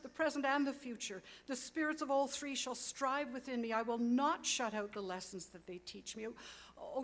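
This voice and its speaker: A woman's voice: fairly high pitch, fairly bright tone. A woman voicing a remorseful old miser in a storybook reading, pleading urgently and then bursting with joy. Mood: desperate. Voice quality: urgent, exclamatory delivery.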